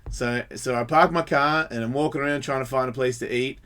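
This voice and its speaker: A man hosting a radio show, telling a story in a casual and lively way, swearing freely and acting out the other people's voices. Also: medium pitch, fairly quick, hardly any pauses. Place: radio studio.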